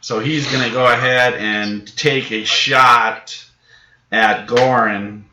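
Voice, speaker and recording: A man narrating as game master in a relaxed, halting way, full of fillers. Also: mid-range voice. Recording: echoey room recording, some noise.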